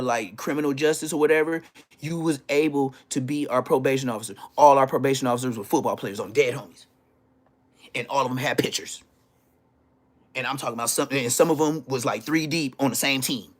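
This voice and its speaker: A man telling profane, animated stories from his school days on a casual livestream, laughing as he goes. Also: medium pitch, fairly quick. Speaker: livestream host. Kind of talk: casual storytelling.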